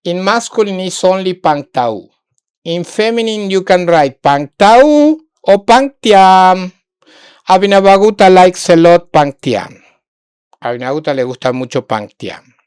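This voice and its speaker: A woman gives an online language lesson in a slow, unhurried way, pausing, repeating terms and restating each point in Spanish. Her voice is rather low and very clean, and the recording is close and dry with no room around it. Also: animated, darkish tone, clean tone, dry recording. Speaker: Sanskrit teacher. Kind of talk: online lesson, thinking aloud while working on screen.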